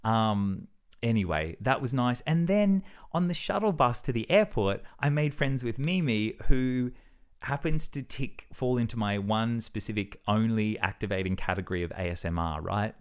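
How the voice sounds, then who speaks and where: A man's voice: medium pitch, lively intonation, normal speed, clean tone. A young man talking through a casual, reflective vlog monologue, rambling and self-deprecating with plenty of fillers and restarts. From Australia. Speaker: vlogger.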